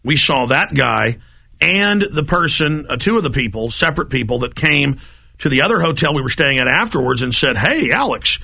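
Brief: male radio host, gravelly and forceful, emphatic and rambling. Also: medium pitch, expressive, moderate pace. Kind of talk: talk radio monologue.

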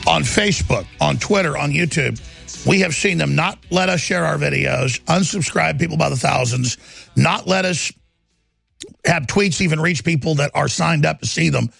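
A man hosting a political talk show, speaking in an emphatic, indignant, rapid-fire manner. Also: a little high, gravelly, a bit bright, husky, no room sound, soft background music. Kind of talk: heated political talk radio.

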